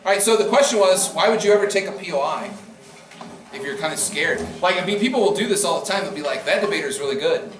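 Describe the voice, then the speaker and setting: A man's voice: high-pitched, lively intonation, fast, recorded from a distance, background noise. Joking man lecturing in an echoey room. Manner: joking, acts out quoted speakers. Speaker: debate lecturer. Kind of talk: casual classroom lecture. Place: classroom.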